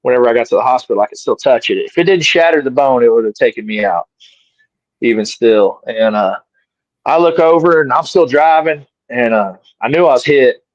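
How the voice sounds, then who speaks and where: A man's voice: medium pitch, brisk, no room sound. Middle-aged man telling a story. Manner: animated, acts out his own quotes. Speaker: interview guest, fighter. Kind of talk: casual storytelling. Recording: dry, slightly dull sound.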